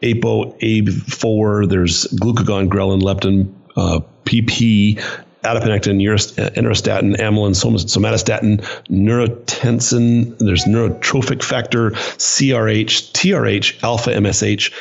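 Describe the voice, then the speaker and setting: A man's voice: lowish voice, steady tone, moderate pace, creaky, breathy edge, muffled recording. A man co-hosting a podcast as the doctor, explaining at length with frequent hesitant restarts. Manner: hesitant, many restarts and fillers. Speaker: doctor co-host. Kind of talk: casual podcast chat.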